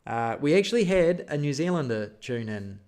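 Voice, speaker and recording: A man's voice: a little high, big pitch swings, moderate pace, a little mellow. A man hosting a live stream, reading out viewer questions and answering them in a casual, rambling way with many fillers. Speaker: vlog host answering live chat.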